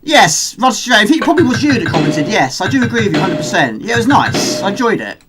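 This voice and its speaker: A man's voice: high voice, sing-song, fast talker, fairly bright tone. A middle-aged man chatting casually with his live-stream viewers while he plays, greeting them and reading out their comments. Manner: chatty, reads out viewer chat while gaming. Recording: music playing behind the voice.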